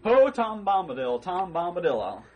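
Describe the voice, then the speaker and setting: A man's voice: sits high, very animated, a little slow, a loud crowd. A man voicing a laid-back, cheerful old forest man who calls everyone "man". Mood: easygoing.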